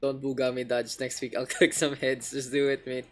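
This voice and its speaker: A man's voice: medium pitch, flat delivery, moderate pace, faint music behind. A man with a Filipino accent, hosting a casual game stream and swearing loosely as he mixes English with Filipino. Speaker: caster and stream host.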